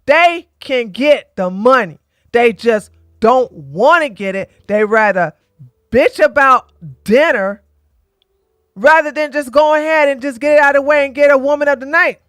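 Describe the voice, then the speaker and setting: A woman's voice: high voice, a little slow, a bit bright, no echo. Blunt, joking woman livestream host. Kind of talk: casual commentary and storytelling.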